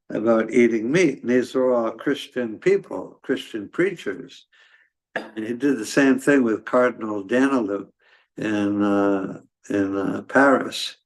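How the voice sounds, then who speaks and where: A man giving a scripture class in a halting, conversational way, with many fillers and restarts. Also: fairly low pitch. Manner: conversational storytelling. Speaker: class speaker.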